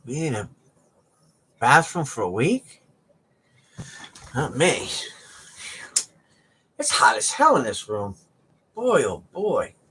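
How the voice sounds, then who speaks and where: A man's voice: mid-range voice, wildly swooping pitch, slow, long pauses, pushed and bright, a little hiss or hum. A man chatting casually and rambling on a livestream, joking and laughing often. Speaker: livestream host.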